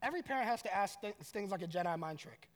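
A man's voice: high voice, animated, quick pace. A man in his thirties, a pastor preaching a sermon in a casual, joking storytelling way, in a large church hall.

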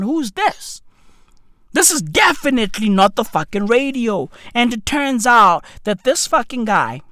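Animated, profane South African woman. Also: medium pitch, no room sound, studio quality. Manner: profane, animated, keeps asking "right?". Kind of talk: comedic storytelling rant.

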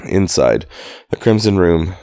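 Reading from a novel, this man speaks in a low-pitched, somewhat dark voice with lively intonation and an unhurried pace. His style is dry and casual: he fixes his mistakes and stops now and then to chat about what he's reading, with no echo around him.

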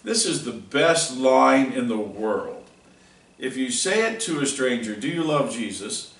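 A man's voice: mid-range voice, very animated, unhurried, fairly bright tone. A middle-aged man teaching a catechism class, telling a folksy, earnest story. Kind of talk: catechism class talk with personal anecdote. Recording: roomy, mic far off.

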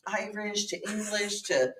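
A woman's voice: medium pitch, a little slow, fairly bright tone, distant mic. A woman who is a teacher and podcast co-host, chatting casually and laughing easily. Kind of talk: casual chat.

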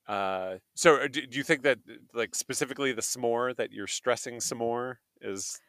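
A man's voice: mid-range voice, moderate pace, fairly bright tone, dry recording, studio quality. A man co-hosting a casual podcast, hesitant with many fillers and laughing often, recording from a restaurant. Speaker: podcast co-host. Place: McDonald's restaurant.

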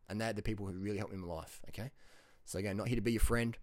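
A man's voice: on the low side, steady tone, no room sound. A man giving a blunt, rambling motivational monologue as a diet vlogger, mocking his critics. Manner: brash, rambling, mocks critics in quick put-on voices.

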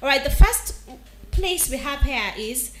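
Woman radio presenter spelling words slowly. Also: high-pitched, animated, roomy sound, slight background noise. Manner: slow deliberate spelling, repeats each word. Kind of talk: radio diction segment, spelling and pronouncing words. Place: radio studio.

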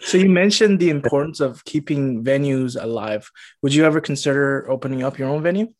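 A man interviewing a musician, asking questions in a relaxed, conversational way. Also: medium pitch, a little fast.

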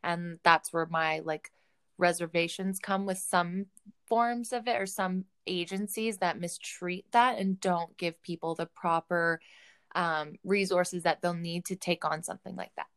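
A woman's voice: on the low side, steady tone, a little slow, fairly bright tone, clear, resonant tone. A woman co-hosting a podcast in casual chat, chatty and blunt, with casual swearing. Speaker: podcast co-host.

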